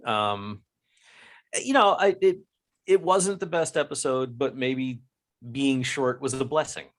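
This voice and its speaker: An American man co-hosting a relaxed podcast chat. His voice sits at a middle pitch, and he rambles, circling back with fillers and restarts as he talks. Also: a little slow. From United States. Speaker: podcast co-host. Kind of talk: casual chat.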